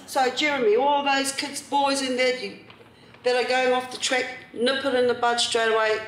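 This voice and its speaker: A middle-aged woman with a New Zealand accent, telling personal stories to a community gathering in a chatty, lively way with frequent laughter. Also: sits high, normal speed, slight background noise. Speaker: speaker at a community event. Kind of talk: personal storytelling talk. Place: meeting hall at a marae, indoors. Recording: echoey hall, voice far from the mic.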